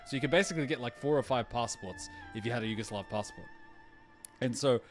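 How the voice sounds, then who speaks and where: A man's voice: mid-range voice, expressive, fast talker, music in the background. A young man streaming a game reaction, chatting casually, rambling through a long story with swearing and laughter. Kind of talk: casual chat over gameplay.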